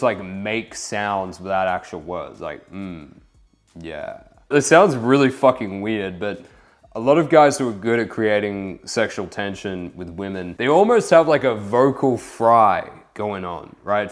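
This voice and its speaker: A young man giving a relaxed, casual voice-over about dating, full of fillers like "kind of". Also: on the low side. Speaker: dating coach. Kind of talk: voice-over commentary on infield footage.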